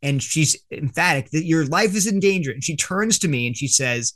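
A man's voice: fairly high pitch, animated, moderate pace, fairly bright tone. A man, an author and guest, earnestly explaining an argument in an interview, often restarting his sentences.

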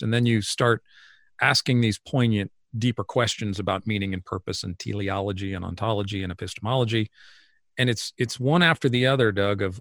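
Man, low voice, earnest and reflective conversational partner. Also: steady tone, fairly quick, a bit bright, no room sound, clean studio sound. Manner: reflective, earnest, repeats agreement. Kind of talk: casual philosophical conversation.

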